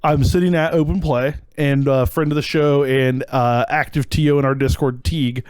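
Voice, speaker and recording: A man co-hosting a casual podcast, telling stories in a rambling, animated way with lots of fillers. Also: mid-range voice, moderate pace, clear, resonant tone, no echo. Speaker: podcast co-host. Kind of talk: casual chat.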